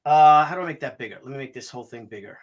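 A man hosting a casual family chat, excited and teasing, who keeps stalling with "hang on". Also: mid-range voice, racing. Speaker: host.

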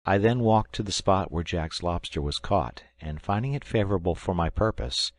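Man, audiobook narrator, very low voice, measured storytelling, dry close sound. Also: no room sound. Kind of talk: scripted narration.

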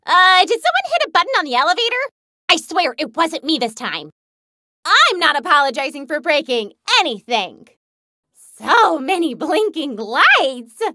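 A woman's voice: high-pitched, very animated, moderate pace, pushed and bright, dry recording, clean studio sound, heavily acted. A woman voicing a hyper, gleeful young huntress in a video game who loves smashing things, bubbly and bouncy. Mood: chatty. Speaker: game character.

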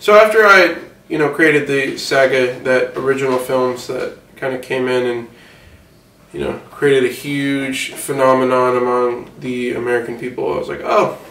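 A man's voice: mid-range voice, fairly even intonation, normal speed, vocal fry, fairly bright tone, roomy sound, far from the mic, low-quality recording. A man playing a rambling, self-important older film mogul in a satirical mock interview, distracted and defensive.

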